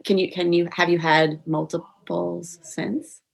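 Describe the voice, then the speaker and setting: A woman's voice: lowish voice, level tone, unhurried, gravelly. A woman hosting a podcast, laughing along and asking eager follow-up questions. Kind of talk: candid podcast chat.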